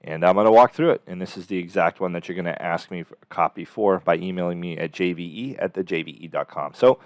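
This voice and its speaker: A man with a fairly low voice gives sales coaching in an emphatic, repetitive, motivational way. The recording is dry and close with almost no room echo. When he acts out lines from a phone script, his delivery turns brighter and more upbeat. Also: fast talker. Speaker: sales trainer.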